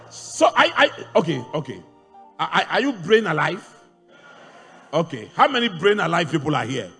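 A man preaching a sermon to a congregation, animated and rising into shouts. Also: a little high, normal speed, creaky. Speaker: pastor. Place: large church hall. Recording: church hall reverb with faint music.

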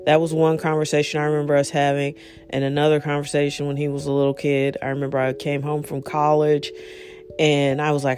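A speaker telling a casual story and giving advice, rambling with many asides and fillers, getting animated when retelling exchanges. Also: mid-range voice, brisk, faint music behind. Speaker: monologue speaker.

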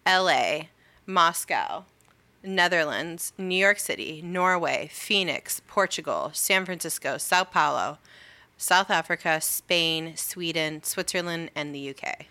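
A woman's voice: deep voice, slow pace, pushed and bright. A young woman co-hosting a casual podcast chat, laid-back and filler-heavy, with the odd swear word. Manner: laid-back storytelling, frequent ums and likes, casual swearing. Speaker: podcast co-host.

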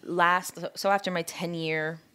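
A woman's voice: on the low side, a little slow. A woman co-hosting a podcast, telling a personal story in a candid casual chat, full of fillers and acted-out quotes. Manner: animated storytelling with many fillers and quoted dialogue. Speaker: podcast co-host. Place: living in New York.

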